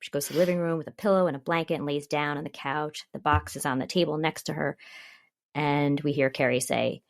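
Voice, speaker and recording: A woman's voice: low-pitched, fairly even intonation, brisk, creaky. A woman co-hosting a podcast, recapping a TV episode in casual chat and reading quotes from her notes. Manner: reads quotes from notes, chatty, laughs often. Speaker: podcast co-host.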